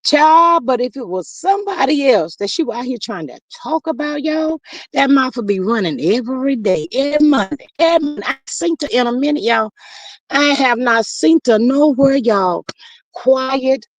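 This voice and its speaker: A woman's voice: high-pitched, animated, moderate pace, dry recording, poor audio. A woman hosting a casual live stream, chatty and saying "y'all" a lot. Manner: chatty, reads viewer comments aloud, says "y'all" often. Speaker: livestream host.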